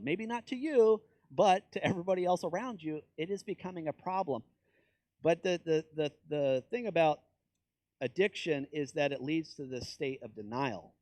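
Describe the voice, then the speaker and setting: A man's voice: moderate pace, no room sound. Conversational male pastor from Kansas preaching. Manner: conversational preaching with sudden loud, high emphasis and low asides. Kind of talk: sermon.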